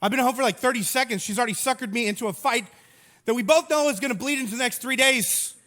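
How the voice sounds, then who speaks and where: A man with a fairly high voice preaches a sermon full of jokes at his own expense. His storytelling is animated and lively, and he pokes fun at himself as he goes. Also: fast talker. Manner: animated, self-mocking storytelling. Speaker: pastor. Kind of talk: humorous sermon.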